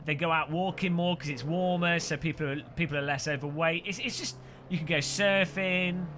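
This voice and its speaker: A man's voice: on the high side, fairly even intonation, moderate pace, music in the background. A man with a Midlands accent chatting and joking on a live stream while racing. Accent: English Midlands. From English Midlands. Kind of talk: live gaming commentary. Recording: noisy with race car sounds.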